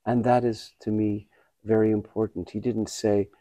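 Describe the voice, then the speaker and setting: A man in his fifties, a pianist and playwright, giving thoughtful, measured answers in an interview with many pauses. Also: lowish voice, little pitch movement, mellow, dry recording. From Canada. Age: 50s. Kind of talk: conversational interview.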